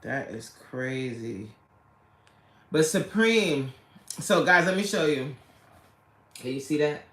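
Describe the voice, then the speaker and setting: A woman of middle pitch hosts a casual livestream, talking in a slow, unhurried way. She chats loosely with her viewers, greets them by name and jokes as she goes. The sound rings around an echoey room. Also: fairly bright tone. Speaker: livestream host and coach.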